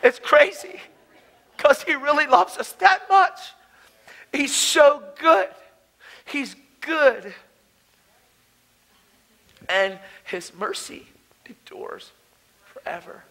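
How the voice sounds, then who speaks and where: Man, preacher, high voice, sharp tone, passionate, loud then hushed, stage mic. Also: lively intonation, extremely slow, pauses often, low-quality recording. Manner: passionate, emotional, swings between loud and hushed. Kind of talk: conference sermon. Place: conference hall.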